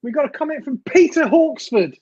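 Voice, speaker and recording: A man's voice: very high-pitched, expressive, brisk, a little mellow, no room sound, dull audio. Chatty, jokey man on a fan stream. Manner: chatty, jokey, drops in slang. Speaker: co-host of a football fan stream. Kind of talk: casual live stream reaction chat.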